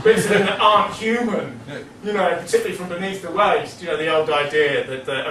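A man giving a rambling, animated literary talk with frequent laughing asides. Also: a little high, a little hiss or hum. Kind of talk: casual lecture-style literary talk. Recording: roomy, distant mic, faint ambience.

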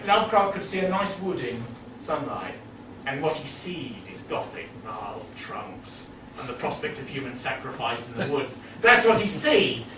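A man giving a rambling, animated literary talk with frequent laughing asides. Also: fairly high pitch, slight background noise. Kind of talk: casual lecture-style literary talk. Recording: roomy, distant mic, faint ambience.

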